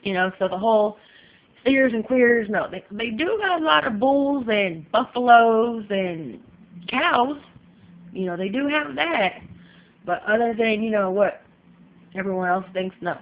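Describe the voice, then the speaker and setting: A woman's voice: on the high side, animated, unhurried. Woman from California, casual home vlogger, chatty and emphatic, muffled lo-fi sound. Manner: chatty, emphatic, leans on "you know". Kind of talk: casual opinion vlog. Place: home in Texas.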